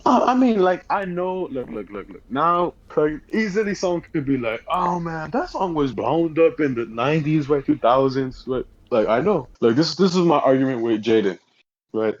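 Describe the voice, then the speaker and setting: A teenage boy chatting casually with a friend, telling animated, slangy stories. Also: mid-range voice, moderate pace. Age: teens. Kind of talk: casual chat. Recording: dull lo-fi sound.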